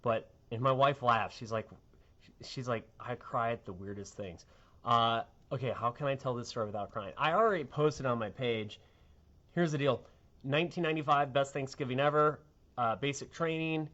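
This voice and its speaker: A man's voice: medium pitch, fairly bright tone, dull audio. A middle-aged man, a TV meteorologist, chatting casually and rambling on air in a sentimental way.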